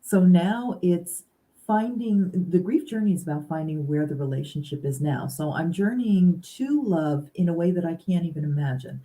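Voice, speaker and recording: A woman guest speaking earnestly and reflectively in a casual conversation, pausing to stress key words. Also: on the low side, animated, mellow. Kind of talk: casual conversation about grief.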